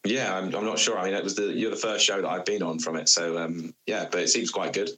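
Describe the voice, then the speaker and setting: A man from England with a Bristol accent, a guest in a casual podcast chat, friendly and quick to laugh. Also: deep voice, fairly even intonation, pushed and bright, low-quality recording. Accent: English, Bristol.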